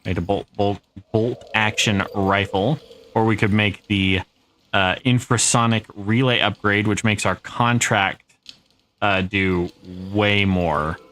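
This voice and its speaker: A man's voice: on the low side, fairly even intonation, slow, a bit bright, slight background noise. A man streaming a survival game, casually thinking aloud and shrugging off setbacks as he plays. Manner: laid-back, thinking aloud, shrugging things off. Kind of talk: casual live gameplay commentary.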